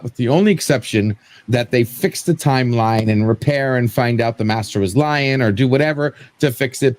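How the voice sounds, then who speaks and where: A man, a panelist on a live-stream show, giving a rambling, animated rant full of restarts and repeated words. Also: medium pitch.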